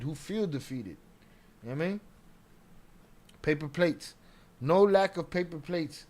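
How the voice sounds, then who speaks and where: A man giving loose, slangy, profane commentary as a streamer. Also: fairly high pitch. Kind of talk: casual commentary.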